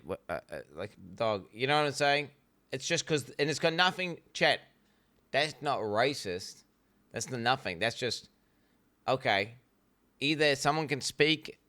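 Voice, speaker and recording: Man, streamer reacting, bright crisp voice, blunt and rambling. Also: on the low side, dry recording. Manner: blunt, rambling, swears freely. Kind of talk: casual reaction commentary.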